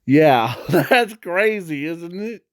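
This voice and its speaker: A man's voice: a little high, expressive, takes it slowly, dry recording, clean studio sound. A man telling an unscripted fan story in a rambling, hesitant way, full of fillers and self-corrections.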